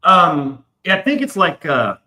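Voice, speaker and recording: A man hosts a casual live stream, swearing freely as he rambles through a long story. His voice is bright and forward. The room gives it a noticeable echo. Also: fairly high pitch, big pitch swings, measured pace. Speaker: stream host. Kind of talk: casual chat.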